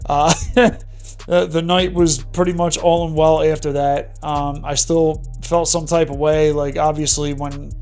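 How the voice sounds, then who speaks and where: A man's voice: a little high, little pitch movement, unhurried, darkish tone, soft background music. A man in his thirties candidly telling an emotional personal story in a vlog monologue. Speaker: vlogger.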